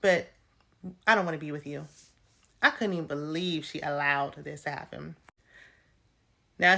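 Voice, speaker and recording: Brief: sassy woman vlogger, animated slangy storyteller, slightly low voice. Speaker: reality TV recap vlogger. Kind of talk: sassy casual recap commentary.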